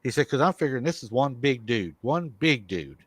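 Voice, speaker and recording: A man's voice: medium pitch, sing-song, fairly quick, slightly rough, no room sound. A man hosting a live show, retelling a viewer's encounter and quoting him at length. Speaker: host.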